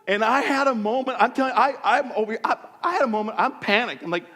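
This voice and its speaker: Middle-aged pastor, high lively voice, comic self-deprecating sermon storyteller, church with long reverb. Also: male voice, fast talker. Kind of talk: sermon with personal stories. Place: church sanctuary.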